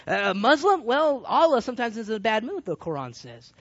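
A man preaching a sermon to a group, his delivery animated and swinging between loud and hushed. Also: extremely high pitch, fairly quick. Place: California. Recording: dull lo-fi recording.

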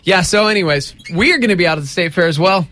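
A man's voice: sits high, expressive, quick pace, pushed and bright. A man co-hosting a casual morning radio show, jokey and playful, often slipping into silly voices.

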